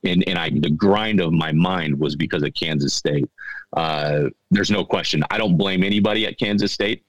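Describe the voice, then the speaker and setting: A middle-aged man telling a story on a podcast in a halting, earnest way, often repeating his words. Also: low-pitched, no room sound, dull audio. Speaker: podcast guest. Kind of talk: casual storytelling.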